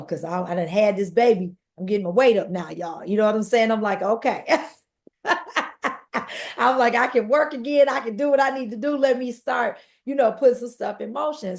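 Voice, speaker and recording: Speaking straight to the listeners, this podcast guest tells the story of her own life with real earnestness. Her voice is medium in pitch, gravelly and darkish in tone.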